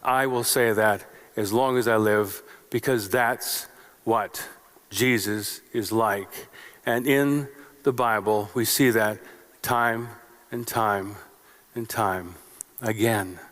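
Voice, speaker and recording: A man's voice: fairly low pitch, slow pace, a bit bright. A male pastor preaching a sermon in short, repeated phrases and rhetorical questions. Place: church sanctuary. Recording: long reverb of a church sanctuary.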